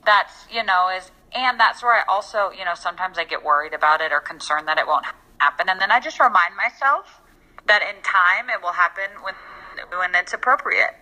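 A young woman with a bright, forceful tone and a slightly low pitch talks through her goals in a casual podcast chat. She is earnest and reflective, often circling back and restarting her sentences. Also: fairly quick, low-quality recording.

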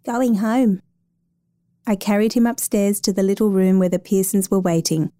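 A woman reading a story aloud, narrating as an adoption caseworker, in a calm, measured way. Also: mid-range voice, dry recording, studio quality.

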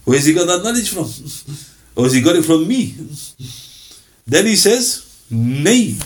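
Middle-aged guy teaching islamic history, kinda high voice, reads off references steady then acts out little bits of dialogue. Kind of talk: recorded religious lecture with Quran recitation.

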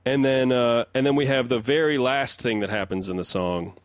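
A man's voice: mid-range voice, normal speed, dry recording. Podcast guy rambling through a theory, keeps restarting sentences, dry close sound. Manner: rambling, restarts sentences while building an argument. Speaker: podcast co-host and resident song analyst. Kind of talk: casual podcast discussion.

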